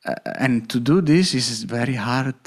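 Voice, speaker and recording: A man hosting a conversation on mindfulness, speaking haltingly with many fillers. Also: mid-range voice. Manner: halting, with many fillers, non-native phrasing. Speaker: host. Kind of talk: interview conversation.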